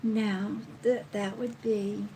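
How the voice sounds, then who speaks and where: A middle-aged woman giving a live psychic card reading in a slow, chatty way, counting cards aloud. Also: medium pitch, little pitch movement, very noisy. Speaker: psychic reader.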